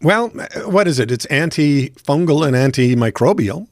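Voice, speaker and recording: A man co-hosting a podcast, chiming in with quick jokes and dry wisecracks. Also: a little high, expressive, no room sound. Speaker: podcast co-host. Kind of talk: casual comedic news chat.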